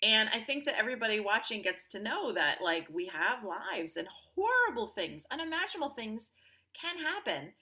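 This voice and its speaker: A woman with a bright, clear voice talks through her own stories as a podcast guest. She is upbeat and animated and acts out the voices of the people she quotes. The delivery is loose and conversational. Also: a little high, moderate pace. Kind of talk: conversational interview storytelling.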